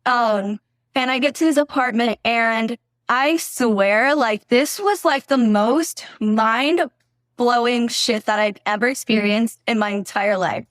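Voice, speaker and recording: A woman's voice: on the high side, slow, a bit bright, no echo, clean studio sound. A young woman, a podcast guest, telling a story casually, filling her speech with "like" and swearing freely. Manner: chatty, heavy use of "like", swears freely. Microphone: podcast microphone.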